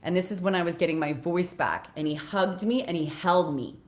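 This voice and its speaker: A woman life coach talking casually to her viewers in an earnest way, growing animated as she retells a story. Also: on the low side, brisk. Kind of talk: casual live video talk.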